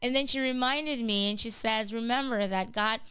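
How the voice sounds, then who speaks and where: A woman's voice: on the high side, moderate pace, a bit bright, clean tone, no echo. A woman hosting a gospel radio show, sharing a personal testimony in an earnest, heartfelt way with many repetitions and restarts. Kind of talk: personal testimony, casual spoken.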